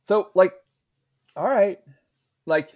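A man's voice: high-pitched, expressive, slow pace, darkish tone, muffled recording. A man co-hosting a casual sports talk show, rambling with many fillers and restarts. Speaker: podcast co-host.

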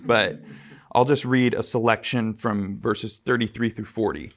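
A man's voice: on the low side, steady tone, a little slow. A man giving a conversational church lecture, earnest and casual, with asides and fillers. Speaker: church teacher.

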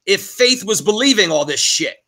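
A man's voice: high-pitched, lively intonation, normal speed, sharp tone. A middle-aged man, a guest in a podcast interview, telling a personal story bluntly and with profanity, his voice choking up with emotion. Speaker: guest, arcade owner.

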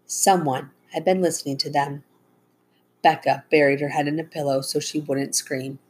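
A woman reading a children's storybook aloud, with gentle, even storytelling and small voice shifts for the characters. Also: low voice, normal speed, breathy edge. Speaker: audiobook narrator.

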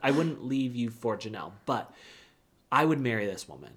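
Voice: mid-range voice, sing-song, normal speed. A podcast co-host recapping a reality show in casual, sarcastic, ranting chat.

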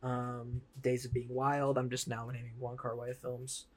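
Excited man pitching a movie. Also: unhurried. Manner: excited, pitching with hesitant fillers. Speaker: podcast co-host. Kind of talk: casual chat.

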